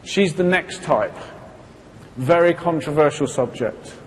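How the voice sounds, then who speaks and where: A man with a high voice gives a live seminar talk from a stage, taking his time over each point. He asks the audience questions and slips into quoted voices as he goes. The sound carries a long hall reverb with a faint hiss underneath. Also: lively intonation, a little slow, darkish tone. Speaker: seminar presenter.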